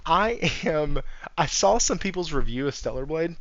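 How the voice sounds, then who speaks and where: A man's voice: on the high side, animated, moderate pace, a bit bright, slight background noise. A man hosting a casual gaming livestream. He rambles, chuckles often and reads chat aloud. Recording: slightly dull, dry sound.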